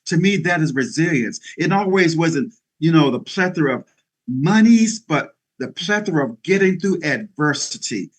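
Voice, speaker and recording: Emphatic preacherly man, fairly high voice. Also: animated, moderate pace. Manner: preacherly, emphatic, rising to bursts of energy. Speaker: guest speaker. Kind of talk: motivational interview talk.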